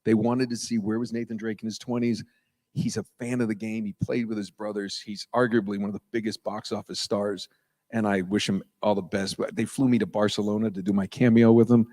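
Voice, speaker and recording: A man's voice: fairly low pitch, level tone, brisk, warm tone. A middle-aged man from New England, a voice actor guesting on a convention panel, telling rambling stories full of tangents and chuckles before a live audience in an auditorium. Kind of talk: casual stage chat with anecdotes.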